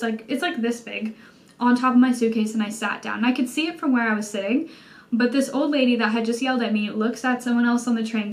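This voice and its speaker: A young woman with a Canadian accent tells a story in a loose, chatty way, dropping "like" often. Her voice sits a little high. She talks casually to her camera from indoors at home. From Canada, Toronto. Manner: chatty, animated storytelling, many "like" fillers. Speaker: vlogger.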